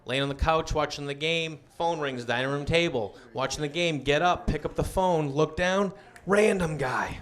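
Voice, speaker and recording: A stand-up comedian with a slightly high, fairly quick voice tells a long story on a comedy club stage, acting out other people's voices. The live club recording is full of loud crowd noise and laughter.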